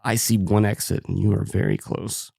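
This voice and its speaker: A man's voice: on the low side, fairly even intonation, normal speed, gravelly, a little mellow, no room sound, studio quality. A man co-hosting a podcast in casual banter, joking, laughing often and adding theatrical asides. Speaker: podcast co-host.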